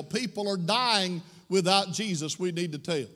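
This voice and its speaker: A man preaches in a church, his high voice ringing out with a long reverb tail. He spins folksy stories and climbs into fervent exhortation. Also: measured pace, a bit bright. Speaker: pastor. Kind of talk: sermon. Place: church sanctuary.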